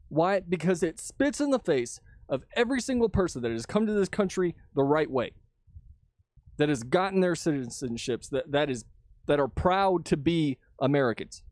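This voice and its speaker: Man from Texas, angry profane rant, high-pitched, dry close sound. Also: a little mellow, no room sound. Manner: heated, profane ranting. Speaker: vlogger.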